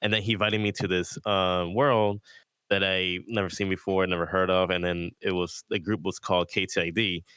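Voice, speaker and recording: A man with a very low voice recounts his story in a relaxed, rambling way, full of "like" and "um". The sound is dry and close, with no room around it. He talks as a guest in a casual podcast conversation. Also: moderate pace, clear, resonant tone, no echo. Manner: laid-back storytelling with many fillers and laughs. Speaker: guest, VR rave DJ.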